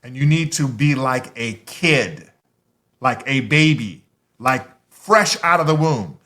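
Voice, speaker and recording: A man giving a motivational talk, emphatic and conversational, with punchy repeated lines and drawn-out pauses. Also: medium pitch, lively intonation, sharp tone. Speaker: motivational speaker.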